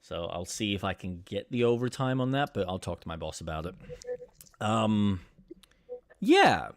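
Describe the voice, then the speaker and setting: A man's voice: fairly low pitch, sing-song, moderate pace, no echo. A young man co-hosting a casual chat stream, swearing freely and acting out the people in his stories. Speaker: podcast co-host.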